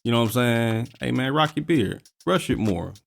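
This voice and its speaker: A man's voice: mid-range voice, animated, normal speed, gravelly, a little hiss or hum. A male co-host chatting casually on a podcast. He talks bluntly and jokes freely, with laughter breaking into his lines. His delivery is loose and unpolished. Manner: blunt, joking, laughs often. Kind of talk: casual chat.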